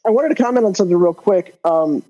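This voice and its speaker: A man's voice: sits high, lively intonation, fast, warm tone. A man who joins a podcast discussion as a listener, chatty and full of added comments, heard over dull lo-fi voice-chat audio. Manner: chatty, adds comments and asides. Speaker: listener calling into the show. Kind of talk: casual chat.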